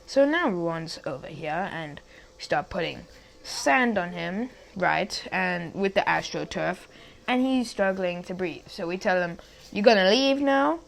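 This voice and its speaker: A woman's voice: fairly low pitch, animated, measured pace, gravelly, a bit bright. A young woman tells a story in a loose, conversational way. She trips over her words, restarts her sentences and drifts into side remarks. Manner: rambling, many restarts and asides. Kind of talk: casual storytelling.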